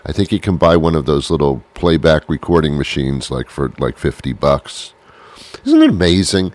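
A man's voice: a bass voice, fairly even intonation, moderate pace, darkish tone, dry recording. A man hosting a comedy show, rambling through a playful, self-mocking monologue full of restarts.

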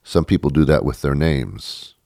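Very deep, creaky, and mellow, his voice moves at a normal speed as he hosts a podcast. He rambles through a sarcastic comedy bit, constantly interrupting himself, in a studio-quality recording with no echo.

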